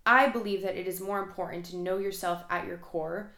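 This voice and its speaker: Fast-talking young woman podcast host. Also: lowish voice. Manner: fast, excited, chatty. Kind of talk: casual solo podcast talk. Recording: roomy echo.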